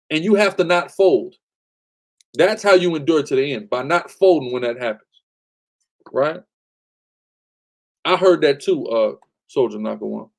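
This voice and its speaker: A man with a somewhat high, slightly mellow voice hosts a live-stream Bible study, preaching emphatically. He often asks "right?" and tells the reader to go ahead.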